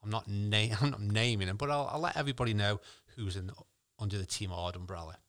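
A man's voice: lowish voice, quick pace, fairly bright tone. A man with a jokey, enthusiastic manner, chatting casually as a co-host and laughing often. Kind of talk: casual chat.

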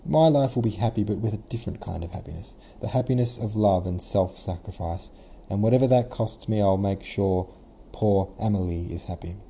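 A man voicing a gentle young princess who speaks earnestly and firmly. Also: fairly low pitch, a little fast, vocal fry, few pauses, slight background noise. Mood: reflective. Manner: soft, earnest, resolute.

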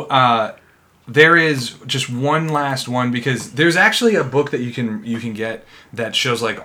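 A man chatting casually on a podcast, telling animated stories with plenty of swearing and laughter. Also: mid-range voice. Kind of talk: casual chat.

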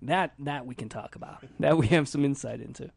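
A man's voice: mid-range voice, a little fast, creaky, no echo. A man from a small town in Indiana with a Midwestern accent, hosting a casual podcast chat, joking and laughing often. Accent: Midwestern American. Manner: laughs often, self-mocking, lively joking banter. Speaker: podcast host. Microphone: studio mic on a spring arm.

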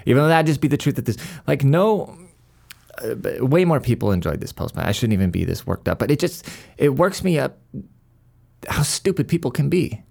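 A man's voice: mid-range voice, very animated, normal speed, vocal fry, pauses often, darkish tone. A male podcast host in a worked-up, profane monologue, stumbling over restarts as he rants.

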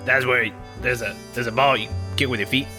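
Creepy gambling creature guy in a trench coat, a man doing the voice, blunt and flat, improv bit. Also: mid-range voice, a little fast, music in the background, close to an everyday voice. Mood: deadpan. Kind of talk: improv comedy scene.

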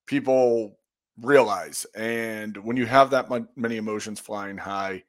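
A man's voice: fairly low pitch, steady tone, unhurried. A man co-hosting a podcast, talking casually in a thoughtful, rambling way. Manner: thoughtful, rambling with fillers and restarts. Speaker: podcast co-host. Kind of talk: casual chat.

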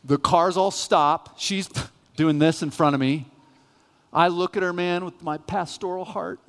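A male pastor preaching a sermon, telling a self-mocking, animated story. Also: high voice, a little slow, a little hiss or hum. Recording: reverberant church hall.

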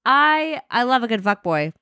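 A woman's voice: on the high side, very animated, moderate pace, pushed and bright, dry recording, studio quality. A woman co-hosting a podcast in casual chat, talking frankly and playfully. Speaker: podcast co-host.

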